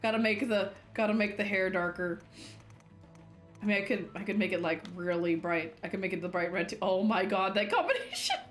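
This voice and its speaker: Chatting casually during a let's-play stream, a young woman gamer can't stop giggling. Her medium-pitched voice is expressive and fairly quick, with faint music in the background.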